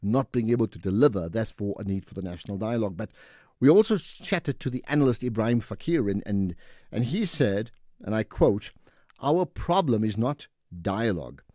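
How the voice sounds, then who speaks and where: Low-voiced radio host. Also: male voice, animated, normal speed, warm tone, dry recording, studio quality. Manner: conversational, rebuts callers directly. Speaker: radio talk show host. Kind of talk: call-in radio talk. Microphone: studio microphone.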